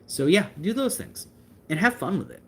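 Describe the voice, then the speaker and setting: A man's voice: high voice, sing-song, moderate pace. A young man chatting casually on a livestream, talkative and full of fillers as he answers viewers. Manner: talkative, gestures with hands, fillers and restarts. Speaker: livestream host answering chat.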